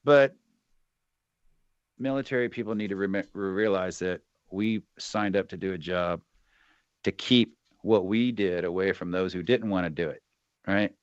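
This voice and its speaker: A man's voice: deep voice, unhurried, smooth, no echo, lo-fi sound. A middle-aged man and retired soldier talking bluntly and with profanity as a podcast guest, often acting out quoted voices. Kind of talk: candid interview talk.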